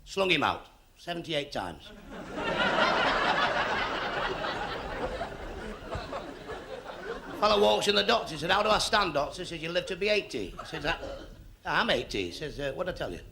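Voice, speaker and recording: Comic guy doing one-liners, gravelly, bit high, hissy old telly recording. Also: wildly swooping pitch. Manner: rapid-fire gags, puts on voices for the characters. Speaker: stand-up comedian. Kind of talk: stand-up joke telling.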